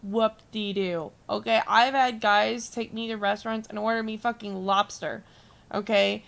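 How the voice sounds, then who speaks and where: Gravelly-voiced young woman streamer. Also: on the high side, little pitch movement, moderate pace, a bit bright. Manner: rambling storytelling, swears freely, chats with viewers. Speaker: gaming streamer. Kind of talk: casual chat while gaming.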